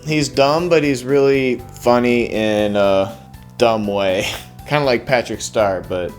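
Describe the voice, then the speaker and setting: A young man hosting his own channel, casually explaining his cartoon characters in a relaxed, rambling way with frequent fillers. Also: medium pitch. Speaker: animator and channel host.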